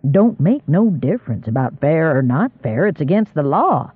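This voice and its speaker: A man voicing a gruff country squire. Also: a little high, very animated, normal speed, no room sound, narrow, tinny audio. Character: older rural male squire, gruff and dry.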